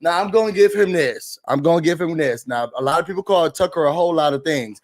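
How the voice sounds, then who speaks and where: Man, sassy reality TV recapper, somewhat high voice, animated, casual. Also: fast talker, few pauses. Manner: sassy, animated, quotes people in mocking voices.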